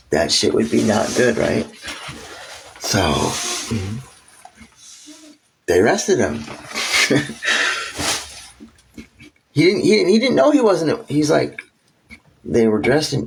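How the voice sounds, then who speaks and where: A man's voice: gravelly, a little hiss or hum, low-quality recording. A man casually retelling history with crude jokes, laughing between points and jumping into quoted voices. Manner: animated, acts out quoted voices with sudden high pitch jumps.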